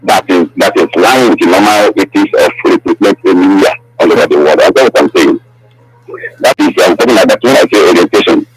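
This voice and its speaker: A man's voice: deep voice, brisk, breathy edge, dry recording, faint music behind. A man calling a radio show, rambling through a list of proposals over a phone line. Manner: rambling, listing phrases. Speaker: caller. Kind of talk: call-in radio comment.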